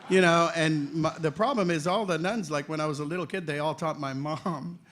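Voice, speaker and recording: A man in his sixties, a voice actor telling stories on a convention panel, animated and joking with a ready laugh. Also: a little high, fairly quick. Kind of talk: anecdotal panel storytelling.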